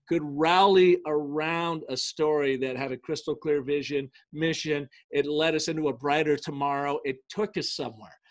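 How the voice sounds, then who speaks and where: A man, a guest in an interview, tells an anecdote in an energetic, emphatic way, with quick bursts and slow stresses, and he acts out the dialogue. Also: fairly high pitch. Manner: acts out quoted speech in dialogue. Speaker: business storytelling consultant, guest. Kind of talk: conversational interview, telling an anecdote.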